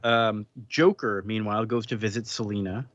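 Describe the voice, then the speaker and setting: A man's voice: on the low side, steady tone, moderate pace, fairly bright tone, no room sound, dull audio. A man hosting a podcast, recapping a comic in a casual, joking way and laughing often. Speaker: podcast host.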